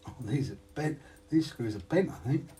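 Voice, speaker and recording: A man's voice: mid-range voice, lively intonation, moderate pace, warm tone. A man vlogging casually about his RC hobby, thinking aloud and muttering to himself as he works out how parts fit together. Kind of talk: casual talk while repairing. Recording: distant mic with faint hum.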